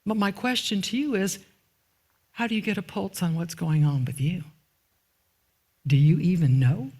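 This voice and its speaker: A woman's voice: lowish voice, normal speed, darkish tone, husky. Woman pastor giving a sermon in church, chatty, keeps asking the crowd questions, lots of casual asides. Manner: asks the congregation rhetorical questions and waits for answers. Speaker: minister. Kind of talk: conversational sermon. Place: church sanctuary.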